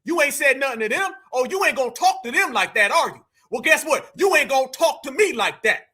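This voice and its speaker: Fiery high-voiced man ranting. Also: lively intonation, a little fast. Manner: fiery, profane, often shouting. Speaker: political commentator reacting to clips. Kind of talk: heated reaction commentary.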